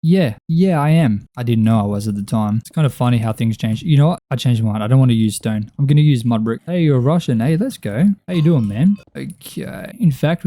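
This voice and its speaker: A man's voice: mid-range voice, warm tone, dry recording. A young Australian man casually chatting on a game stream, reading chat aloud and talking to himself as he builds. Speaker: gaming streamer. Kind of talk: casual live-stream chat while playing.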